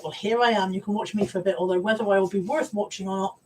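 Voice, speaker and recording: A woman's voice: mid-range voice, animated, quick pace, distant mic, a little hiss or hum, rough recording. A woman hosting a casual live stream, chatty and rambling as she greets viewers. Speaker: live-stream host and reseller.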